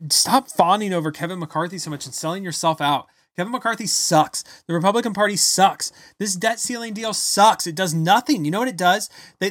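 A man giving an angry, blunt political rant, loud and insulting as he talks. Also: fairly high pitch, no room sound, clean studio sound. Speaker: political commentator. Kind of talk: ranting political commentary.

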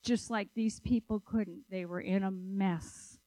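A woman preaching a sermon, telling stories in a lively, conversational way and asking the audience questions. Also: mid-range voice, unhurried, no room sound, poor audio. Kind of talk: sermon with storytelling.

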